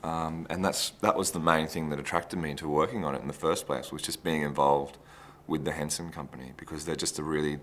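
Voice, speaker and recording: A man's voice: extremely low pitch, fairly even intonation, fairly quick, hardly any pauses, fairly bright tone, a little hiss or hum. A man, an actor telling behind-the-scenes stories in a chatty, rambling way. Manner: chatty, anecdotal, restarts phrases. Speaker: actor interviewee.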